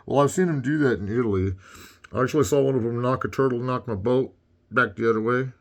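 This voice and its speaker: A man's voice: mid-range voice, fast, lightly acted. A man playing a stoned, rambling male cartoon critic in improvised comedy commentary over gameplay.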